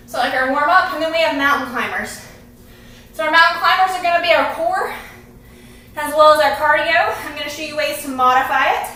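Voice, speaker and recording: A woman's voice: high-pitched, sharp tone, slight background noise. A woman fitness instructor coaching a workout live, encouraging and out of breath, filmed by a camera at a distance. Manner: encouraging, coaching while exercising. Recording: very echoey room, camera at a distance.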